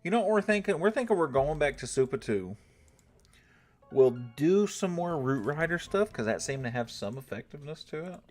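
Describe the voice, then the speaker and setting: A man's voice: on the high side, sing-song, normal speed, soft background music. A young man streaming a strategy game, thinking aloud to his chat and swearing when irritated. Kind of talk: casual gameplay commentary to chat.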